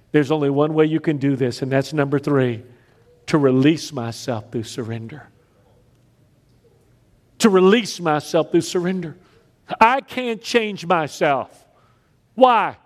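A man preaching a sermon, telling stories with big swings between loud raised lines and quiet emphatic drops. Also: on the high side. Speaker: pastor.

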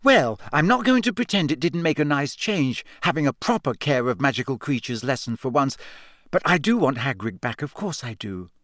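A man reading aloud and voicing a clever, earnest teenage schoolgirl who talks quickly. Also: medium pitch, big pitch swings, fairly bright tone, no room sound, studio quality.

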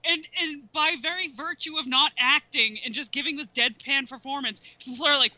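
A woman's voice: sits high, brisk, few pauses, pushed and bright, no room sound, dull audio. A young woman co-hosting a podcast, griping bluntly and profanely with exasperation. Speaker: podcast co-host. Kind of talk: casual ranting chat.

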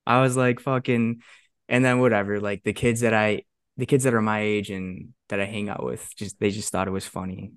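A young man in his twenties, co-hosting a podcast and telling a story in a casual, animated way, swearing often and acting out what others said. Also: lowish voice, normal speed, smooth, dry recording, studio quality. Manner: animated, swears a lot, acts out quotes. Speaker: podcast co-host.

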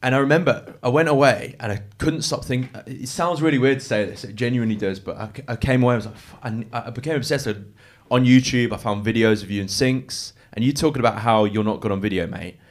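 A man's voice: medium pitch, fast talker, few pauses. A man talking earnestly and emotionally in a casual chat, often restarting his sentences. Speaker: guest.

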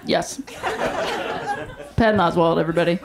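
A woman's voice: fairly low pitch, steady tone, moderate pace, very noisy. A woman hosting a live stand-up show, joking and swearing loosely with the crowd. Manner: loose, joking, swearing, laughing between lines. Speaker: stand-up comedy show host. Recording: live club mic with loud crowd. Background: audience laughter and cheering.

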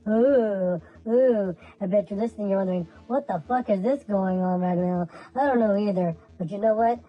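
A woman's voice: mid-range voice, moderate pace, highs cut off, close to an everyday voice. A woman voicing a whiny, crude man with two toes in a comedy bit, mopey and sarcastic.

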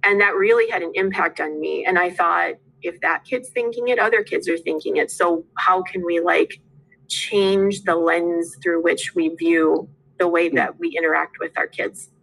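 A woman's voice: lowish voice, steady tone, moderate pace, gravelly, fairly bright tone, rough recording. A middle-aged woman teacher, telling stories from her classes in casual conversation. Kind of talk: casual chat.

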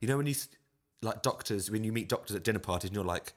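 Low-voiced man telling a lively anecdote. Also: quick pace. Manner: animated anecdote telling with frequent laughter. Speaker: audition pianist. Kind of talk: casual podcast storytelling.

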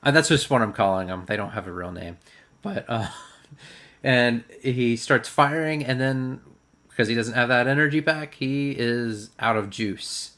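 A man's voice: mid-range voice, unhurried, fairly bright tone. Casual male podcast host, rambling recap. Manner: rambling, filler-heavy recap. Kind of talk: casual chat.

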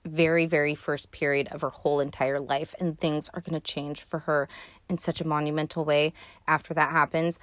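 Young woman host, lowish voice, dry close sound, chatty and profane movie recap, loose and rambling. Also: no room sound. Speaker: podcast host. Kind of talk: casual movie recap chat.

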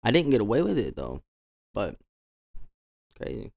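A man's voice: on the low side, wildly swooping pitch, moderate pace, vocal fry, a little mellow. A man hosting his own show, telling casual stories in a loose, rambling way. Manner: rambling, many restarts and fillers. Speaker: podcast host. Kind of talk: casual storytelling monologue.

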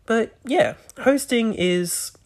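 A podcast host speaks alone into a microphone, rambling, restarting frequently, and sometimes slurring words slightly. The mid-range voice is animated and has a darkish tone, and the host takes it slowly.

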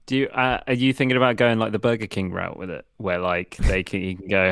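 Laid-back British man with gravelly low voice. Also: fast, few pauses, a bit bright, no room sound. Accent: British English. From United Kingdom. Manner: easygoing, laughs along, hesitant fillers. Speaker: podcast co-host. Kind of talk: casual podcast chat.

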